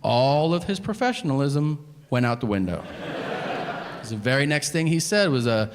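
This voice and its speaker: Deadpan stand-up man in his thirties. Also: mid-range voice, moderate pace. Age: 30s. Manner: deadpan storytelling with acted-out voices. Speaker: stand-up comedian. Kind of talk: stand-up comedy set. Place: comedy club stage. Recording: live stage recording with audience noise.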